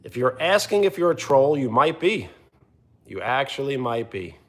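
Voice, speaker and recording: Animated male live streamer. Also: moderate pace. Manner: animated, teasing, often jumping higher in pitch. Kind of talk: casual live-stream chat reading comments.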